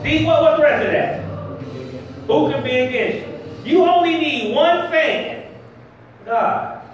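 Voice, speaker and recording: High-voiced preacher in an echoing church. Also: male voice, slight background noise. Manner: plain-spoken, slangy, teasing the congregation. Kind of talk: lively sermon. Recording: very echoey hall, mic far off.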